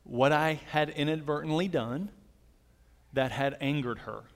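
A man preaching a sermon, earnest and gentle, telling personal stories as he speaks to the congregation. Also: fairly high pitch, a little slow, big-room sound. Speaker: pastor.

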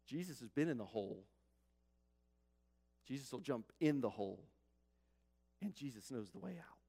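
A male pastor preaching earnestly in a middle-pitched voice, repeating his points and often sinking to a quiet hush. A long hall reverb trails his words. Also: expressive, moderate pace, creaky, breathy edge. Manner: earnest, repetitive, drops to a soft hush. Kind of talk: sermon.

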